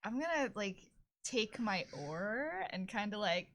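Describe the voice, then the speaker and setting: A woman's voice: medium pitch, expressive, unhurried, a bit bright. A woman playing in a tabletop game, talking hesitantly with many fillers. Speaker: player. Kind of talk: casual tabletop play.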